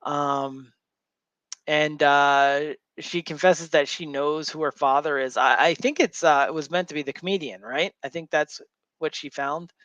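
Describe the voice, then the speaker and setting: A man's voice: on the high side, measured pace, a bit bright, no room sound, lo-fi sound. A man hosting a show, casually retelling a story to a co-host in a loose, rambling way full of fillers. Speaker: show host recapping a comic.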